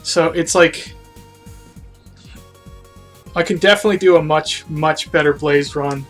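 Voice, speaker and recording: A man's voice: on the high side, steady tone, a little slow, faint music behind. A man casually chatting on a live game stream, self-critical and rambling, trailing off, a bit out of breath.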